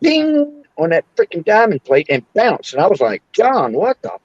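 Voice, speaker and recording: High-pitched and very animated at normal speed, this man in his sixties hosts a podcast's casual chat. He's a rambling storyteller who laughs frequently, heard in dull audio with no room sound.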